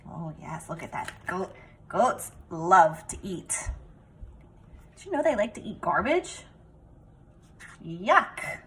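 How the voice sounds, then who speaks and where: A woman reading a picture book aloud to children, expressive and talking to them directly. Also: medium pitch, slow pace, slight background noise, rough recording. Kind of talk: children's story read-aloud.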